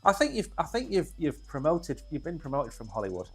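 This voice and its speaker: A man's voice: on the high side, huge pitch swings, a little fast, breathy edge, soft background music. A man co-hosting a casual crypto stream, chatty and joking. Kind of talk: casual chat.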